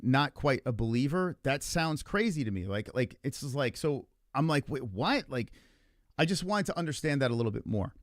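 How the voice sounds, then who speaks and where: A man talks through a livestream in casual, argumentative chat, his pitch swinging up and down a lot. He rambles, swears freely and leans on filler words. His voice is dry and close, with no room sound. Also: dry recording. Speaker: livestream host.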